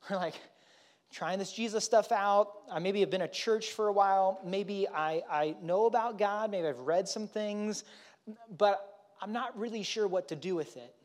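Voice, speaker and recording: High-voiced man preaching. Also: measured pace. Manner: conversational, animated, often asks "right?". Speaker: pastor. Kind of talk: sermon. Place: church.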